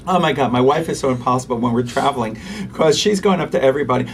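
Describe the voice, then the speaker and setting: A man, a pediatrician, giving an interview and explaining parenting techniques in an animated way, acting out parents and kids. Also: medium pitch, fast talker, recorded from a distance, slight background noise. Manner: animated, acts out parents and children.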